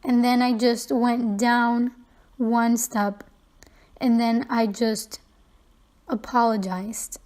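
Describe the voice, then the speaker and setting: A woman's voice: on the high side, little pitch movement, slow pace, long pauses, a little mellow. A young woman vlogging, candidly retelling a personal story in a conversational way with frequent fillers and restarts.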